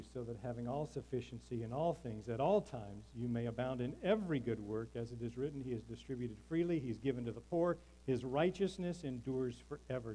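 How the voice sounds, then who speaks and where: A man's voice: mid-range voice, dark tone, husky, rough recording. Emphatic preaching pastor, man. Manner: emphatic preaching, calls for congregation response. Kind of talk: sermon. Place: church sanctuary.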